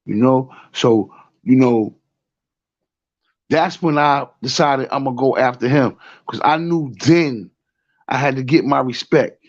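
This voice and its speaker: A man's voice: medium pitch, measured pace, pauses often, muffled recording. A man with a New York accent telling a rambling story in casual talk, often repeating "you know what I'm saying.". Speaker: show host.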